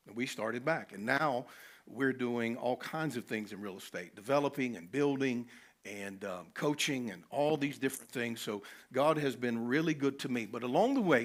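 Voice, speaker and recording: A man, telling a personal story animatedly as a conference speaker. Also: mid-range voice. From North Carolina, US. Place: conference venue.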